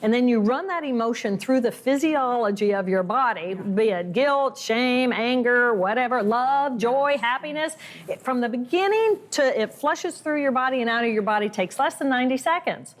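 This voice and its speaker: A woman guest in a conversational interview, speaking expressively and acting out inner voices as she explains. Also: moderate pace. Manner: expressive, acts out inner voices with rising pitch.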